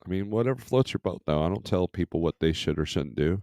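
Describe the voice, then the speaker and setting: Laid-back deep-voiced trucker host. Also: male voice, expressive, fast, creaky, a little mellow, no echo, studio quality. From Michigan. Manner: laid-back, rambling, reads load listings aloud. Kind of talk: casual livestream commentary.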